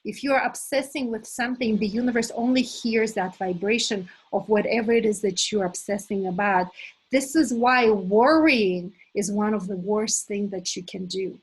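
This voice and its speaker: A middle-aged woman leading a live motivational workshop as a coach, enthusiastic and animated, talking to her listeners as "you guys". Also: mid-range voice, moderate pace, husky, low-quality recording. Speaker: manifestation coach hosting an online challenge.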